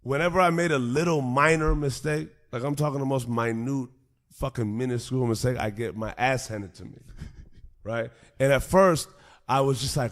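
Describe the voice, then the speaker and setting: A podcast host in his twenties tells a story in a casual, animated way, swearing freely and laughing often. His voice is medium-pitched and his speed normal.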